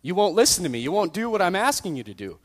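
A man's voice: high voice, big pitch swings, fast talker, pitched above the performer's own voice. A man playing a scolding furious donkey rider. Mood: angry scolding. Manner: scolding, shouting. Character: angry man beating his donkey. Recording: long reverb in a hall.

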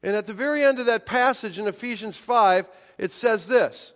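High-voiced preacher in an echoing hall. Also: male voice, normal speed, few pauses. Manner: emphatic, rising to near-shouts on key points. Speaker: pastor. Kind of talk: sermon. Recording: long hall reverb.

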